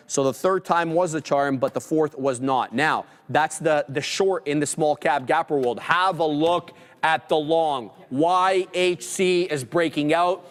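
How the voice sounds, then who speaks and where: A man hosting live trading commentary with a fairly high voice. He calls the price moves in a hyped, auctioneer-like rush. The sound has a long reverb tail. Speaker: stream host and trader.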